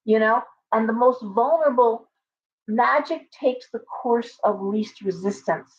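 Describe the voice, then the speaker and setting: A woman chatting to viewers on her tarot livestream, lively and full of restarts and asides. Her voice sits a little high and comes through slightly dull and lo-fi, like a webcam stream. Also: unhurried. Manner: animated, talks with lots of restarts and asides to viewers. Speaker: tarot reader and livestream host. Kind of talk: casual livestream chat. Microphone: webcam with ring light.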